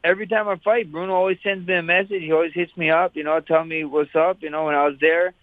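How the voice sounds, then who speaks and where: A man's voice: a little high, fairly even intonation, fast talker, no echo. A man from Hawaii, a fighter talking as an interview guest in a laid-back, rambling way full of "you know". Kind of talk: casual interview chat. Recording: tinny phone-like line.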